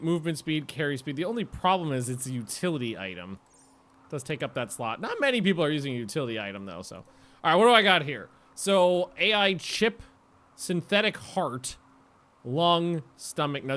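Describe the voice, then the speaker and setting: Bright-voiced man chatting over gameplay. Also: a little high, very animated, a little fast. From United States. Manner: chatty, rambling, self-correcting. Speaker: streamer. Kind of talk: casual gameplay commentary.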